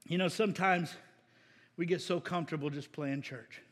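A middle-aged male pastor preaching a sermon, energetic and playful, acting out voices and asking for amens. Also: on the high side, moderate pace, long reverb tail. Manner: energetic and playful, acts out voices, asks the crowd "Amen?".

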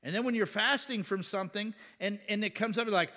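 A man's voice: high-pitched, moderate pace, few pauses, pushed and bright. A man, a pastor, teaching the Bible in a casual, conversational way, asking rhetorical questions and chuckling.

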